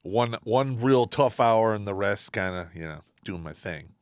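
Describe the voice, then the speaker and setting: A man's voice: lowish voice, expressive, measured pace, slight background noise. A man co-hosting a casual livestream, giving blunt, matter-of-fact opinions. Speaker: livestream co-host.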